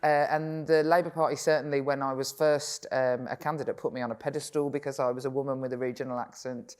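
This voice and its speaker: Brummie woman, middle aged, deep voice, chatty and blunt, laughs easy, onstage chat. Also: fairly even intonation, fast talker, a little mellow. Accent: Birmingham. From England. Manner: frank, chatty, laughs easily. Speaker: politician guest. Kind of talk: onstage conversation.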